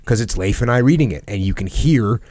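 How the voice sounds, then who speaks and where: A middle-aged man with a fairly low voice hosts a podcast in a reflective, conversational tone. He is earnest and often repeats a phrase to drive it home. The recording is dry and close, with no room sound. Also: expressive, brisk, darkish tone, dry recording. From United States. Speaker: podcast host.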